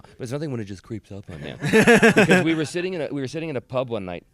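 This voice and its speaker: A man's voice: mid-range voice, fast, few pauses, no echo. A male voice actor, a convention guest, telling stories in a casual interview and slipping into accents. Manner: animated storyteller, slips into accents.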